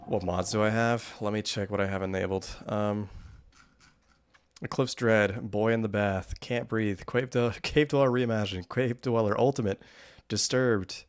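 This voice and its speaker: A man's voice: fairly low pitch, steady tone, normal speed, clean tone. A man giving casual, wry gameplay commentary, rambling and often laughing. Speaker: gaming YouTuber.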